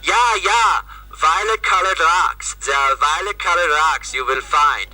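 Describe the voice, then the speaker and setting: Man doing an eager German monk, thick German accent, high pitched and sharply bright, heard from a distance off the mic. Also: a little slow. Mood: insistent. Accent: German, put on.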